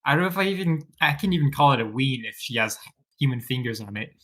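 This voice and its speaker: A man's voice: mid-range voice, expressive, quick pace, fairly bright tone. A man casually critiquing a drawing with friends on a voice call, amused.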